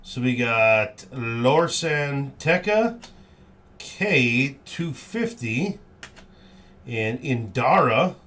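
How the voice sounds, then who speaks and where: A man hosts a live card-opening stream, calling out each pull one by one with easy enthusiasm. He talks slowly, taking his time, while his pitch swings up and down with plenty of life. Small exclamations pop up as he reacts to the cards. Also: animated, a bit bright. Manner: upbeat, reads out each card, cheerful exclamations. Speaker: card break host.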